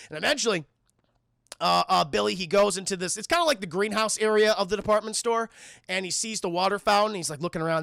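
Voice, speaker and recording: A man recaps a film for his live chat, lively, profane and full of acted-out bits. His voice sits high, with a bright, sharp edge. The sound is close and dry. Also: fast talker, gravelly, no room sound. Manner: animated, profane, acts out characters. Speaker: streamer and film reviewer.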